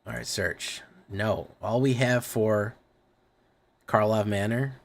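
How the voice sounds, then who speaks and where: A man's voice: fairly low pitch, steady tone, slow pace, vocal fry. A man streaming live, chatting casually with viewers, rambling and swearing freely.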